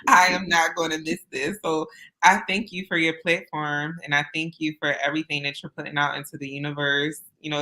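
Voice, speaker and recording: A woman's voice: low-pitched, creaky, bright, forceful tone, low-quality recording. A woman guest telling her own story in an interview, earnest and candid with casual phrasing. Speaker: interview guest, business owner. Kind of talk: personal storytelling in conversation.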